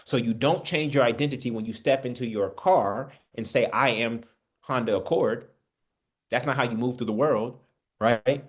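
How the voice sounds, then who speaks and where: In an online Bible study session, a man with a medium-pitched voice teaches at a moderate pace. His spiritual teaching has a conversational preaching style, and he calls his listeners family while asking them rhetorical questions.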